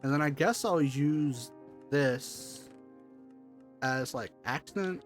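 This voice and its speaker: A man's voice: medium pitch, slow, pauses often, soft background music. A man streaming a game live, chatting casually and talking to himself while he plays, with offhand jokes. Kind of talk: casual live gameplay commentary.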